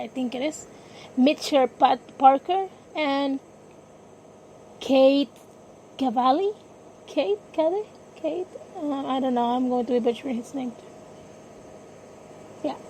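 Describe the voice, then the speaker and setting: Female podcast host, high voice, unhurried, hesitant, self-correcting, faint background noise. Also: warm tone, poor audio. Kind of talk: casual sports podcast talk.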